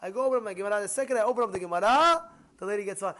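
A man giving a Torah class as a rabbi, animated, repeating points and asking his listeners rhetorical questions. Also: high voice, rapid-fire.

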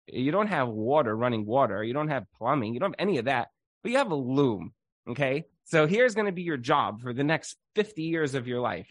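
A man's voice: a little high, no room sound. A man giving a casual Torah lecture, telling stories with lots of filler "like"s and acting out the people he quotes. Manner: animated storytelling full of "like"s and acted-out quotes.

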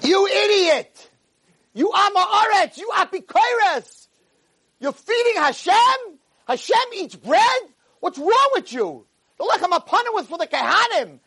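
A man voicing a stern, angry rabbi who shouts and scolds a simple man. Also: very high-pitched, big pitch swings, measured pace, pitched above the performer's own voice, exaggerated voice. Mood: furious.

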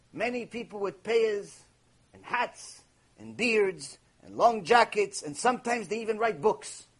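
In a high, slightly bright and somewhat rough voice, a rabbi delivers an impassioned Torah lecture on Mussar, rebuking his listeners and mixing Hebrew terms into his English. The audio quality is poor.

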